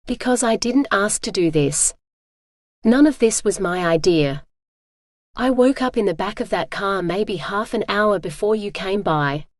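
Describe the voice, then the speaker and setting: A woman's synthetic reading voice speaking the lines of a quiet, teasing young man who keeps a captive. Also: a little slow, no echo, studio quality. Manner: low, calm and teasing.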